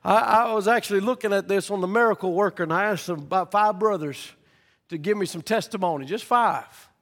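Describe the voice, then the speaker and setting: A man preaching a sermon, rising from quiet storytelling to fervent shouting. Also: high-pitched, a little fast, long reverb tail.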